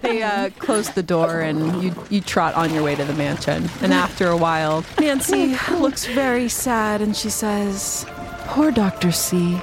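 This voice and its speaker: A woman narrating a tabletop game as game master, in a calm storytelling manner. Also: medium pitch, unhurried, few pauses, loud music behind the voice.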